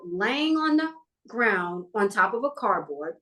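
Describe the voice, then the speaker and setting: A woman's voice: on the high side, unhurried. A middle-aged woman from New York telling personal stories in a casual interview and acting out the people in them. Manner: animated, acts out the people in her stories. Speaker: guest, talent manager.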